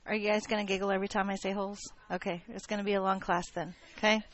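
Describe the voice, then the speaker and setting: A woman's voice: medium pitch, flat delivery, rapid-fire, a bit bright, highs cut off. A woman teaching a math class, joking with her students as she lectures.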